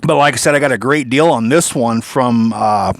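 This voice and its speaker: A man with a gravelly mid-range voice, normal speed and no echo, walks through the PC he built himself while he has the hiccups. It's a casual, hands-on tour, rambling and heavy with fillers, with frequent sentence restarts and some mild swearing.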